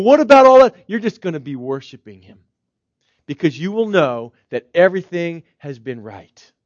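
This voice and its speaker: A male pastor with a notably high voice delivers a sermon in an easy, conversational manner, piling up rhetorical questions. The recording sounds slightly dull and very dry, with no room echo.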